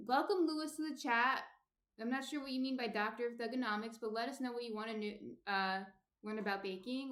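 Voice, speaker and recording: A woman's voice: a little high, fairly bright tone, reverberant. A woman from New Jersey chatting casually on a live stream, explaining each step of shaping bread and greeting viewers by name. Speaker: baker streaming a sourdough tutorial.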